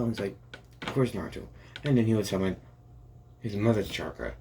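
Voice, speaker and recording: A man's voice: lowish voice, fairly quick, long pauses, mellow, a little hiss or hum. A young man improvising a rambling fan story aloud, full of restarts and "and he's like" asides. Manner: rambling, many restarts and "and it's like".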